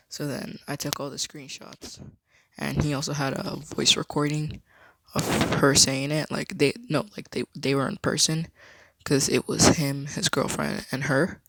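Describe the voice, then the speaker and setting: A man vlogging a casual story time, rambling in a low-key way. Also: little pitch movement, a little slow, gravelly, background noise.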